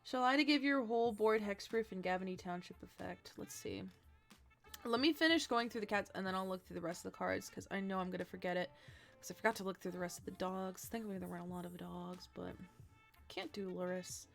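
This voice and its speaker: A woman's voice: mid-range voice, normal speed, creaky, soft background music. A tired woman casually chatting on a livestream as she builds a card deck, thinking aloud, humming and trailing off. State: tired, yawning.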